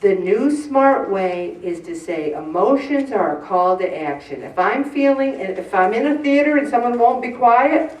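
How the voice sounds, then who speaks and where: A woman in her sixties leading a faith-based group talk, animated and acting out the voices she quotes. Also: medium pitch, normal speed. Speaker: faith-based weight-loss group leader. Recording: roomy room, mic far off.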